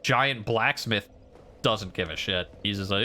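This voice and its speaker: Bright-voiced rambling male game streamer. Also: lowish voice, unhurried, a little hiss or hum. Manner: rambling, self-deprecating. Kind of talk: casual gameplay commentary.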